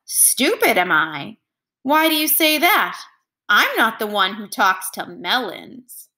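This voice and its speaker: A woman's voice: on the high side, big pitch swings, slow, pushed and bright, exaggerated voice. A woman voicing a sly, mischievous male spider trickster who mocks the others. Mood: mocking. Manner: teasing, mocking.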